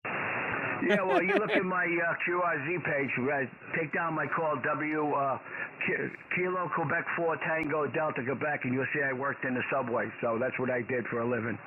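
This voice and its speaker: A man's voice: on the high side, normal speed. A talkative, friendly man with a Brooklyn accent calling in over the radio. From Brooklyn, New York. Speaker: radio caller. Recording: tinny shortwave radio with loud static.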